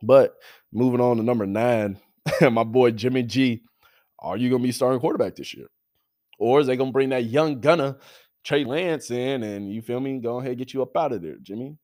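A man's voice: medium pitch, brisk. Profane young man ranting about sports. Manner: profane, animated, talks straight to players and fans. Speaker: sports podcast host. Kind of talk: casual sports talk.

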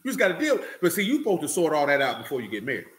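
A man's voice: fairly high pitch, huge pitch swings, rapid-fire, a bit bright, echoey room. A man giving a loose, conversational sermon, talking directly to listeners and often checking they follow him. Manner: talks loosely and directly, often asking "you know what I'm saying". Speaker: preacher.

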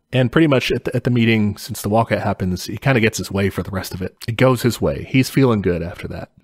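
A man's voice: lowish voice, brisk, no room sound, clean studio sound. A man co-hosting a casual podcast, telling history in a laid-back way with chuckles and casual swearing. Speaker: podcast co-host explaining history.

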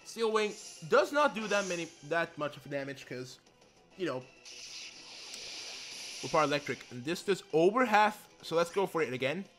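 A young man giving casual commentary while playing a video game, excitable and swearing, with many apologies. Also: on the high side, normal speed, long pauses. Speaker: let's play gamer. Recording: game music behind the voice. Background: faint game music.

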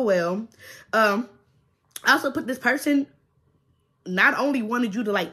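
A young adult woman doing a casual tarot reading to her viewers, blunt and full of swearing, who keeps checking in with "okay?". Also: fairly low pitch. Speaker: tarot reader.

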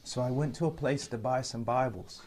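A man preacher telling a personal story with mounting energy, acting out the quoted exchanges and getting louder as it goes on. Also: mid-range voice, moderate pace, a little hiss or hum. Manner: builds from calm to loud, laughing retelling. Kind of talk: animated storytelling.

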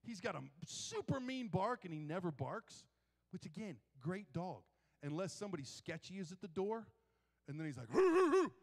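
A pastor with a voice a touch higher than the typical man's preaches a sermon at normal speed, telling funny stories with lively, animated energy. Every phrase trails off into the long reverb of a church sanctuary.

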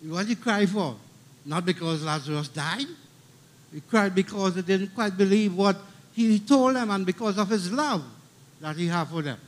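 A man's voice: high voice, moderate pace. A middle-aged man with a Trinidadian accent preaching a funeral sermon, emphatic and repeating key lines, calling out for amens.

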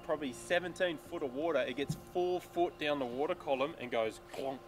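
A man's voice: fairly high pitch, a little fast, very noisy. A young Australian man, a tournament angler, chatting casually and acting out sounds as he recaps his fishing day. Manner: animated storyteller, acts out sounds and quotes.

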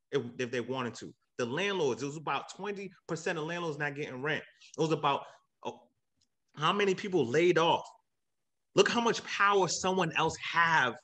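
A man's voice: a little high, sharp tone. A man who works as a real estate agent, giving a hyped, emotional motivational talk on a livestream. He repeats himself often and cheers people on. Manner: hyped, repetitive, cheering on donors; earnest and emotional when preaching.

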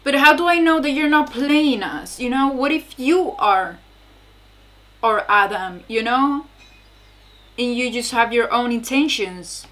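A woman's voice: fairly high pitch, animated, measured pace, a bit bright. A young woman casually reacting aloud to a TV episode, exclaiming, swearing and laughing between remarks. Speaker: reaction video host.

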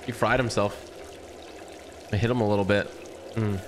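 Excitable young man commentating gameplay. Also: on the low side, moderate pace, background noise. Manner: excitable, slangy, reacts aloud. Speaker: gaming channel host.

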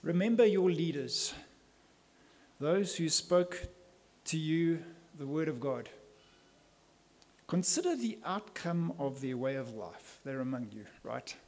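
Male pastor, slightly raised pitch, emphatic church sermon delivery. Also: animated, slow, a little mellow. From South Africa. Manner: earnest, emphatic preaching with rhetorical questions.

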